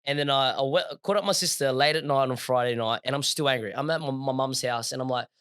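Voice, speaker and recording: A young adult man, a podcast co-host telling a story in casual, slangy chat, animated and laughing as he goes. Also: medium pitch, fast talker, clean tone, dry recording, studio quality.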